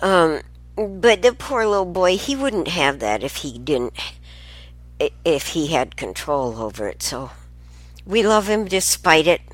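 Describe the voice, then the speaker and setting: A woman's voice: fairly low pitch, very animated, a little slow, dry recording. An older woman telling family stories in a casual, rambling way, often laughing and getting sidetracked.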